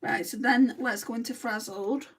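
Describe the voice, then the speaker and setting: A woman's voice: fairly high pitch, normal speed, husky. Chatty Lancashire woman with a distant mic. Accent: Lancashire English. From Lancashire, England. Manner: chatty and blunt. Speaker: beauty vlogger. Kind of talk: casual makeup livestream chat, answering viewer comments.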